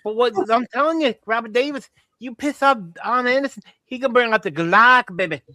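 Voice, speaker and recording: A man's voice: extremely high pitch, brisk, sharp tone, no echo, full character voice. A man putting on a boastful, rambling old Southern wrestler on a podcast, with a put-on Texan drawl and calling everyone baby. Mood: swaggering. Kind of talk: comedic impression on a podcast.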